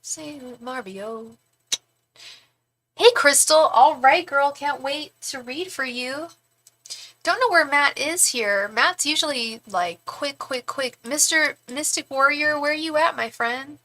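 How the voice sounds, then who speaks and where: A young woman reading tarot on a livestream, chatting casually with viewers, thanking donors and softly repeating questions to her spirit guides. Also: sits high, measured pace.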